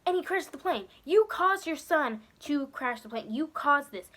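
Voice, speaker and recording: Brief: young female vlogger, emphatic and exasperated, fairly high voice, repeats lines for punch. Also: expressive, measured pace, a bit bright. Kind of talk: casual vlog rant about a film.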